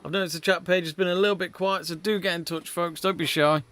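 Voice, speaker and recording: A man's voice: sits high, fairly even intonation, quick pace, a bit bright. A man co-hosting a live sports watch-along, chatting casually and reading out viewer messages. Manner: chatty, reads out viewer messages, laughs often. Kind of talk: casual live commentary chat.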